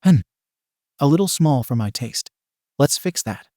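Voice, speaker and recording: A man voicing a brash young male hero who talks like a pirate and brags loudly, in a fan-made comedy story reading. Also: animated, measured pace, no echo, studio quality. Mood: playful. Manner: swaggering pirate talk with lower, quieter voice.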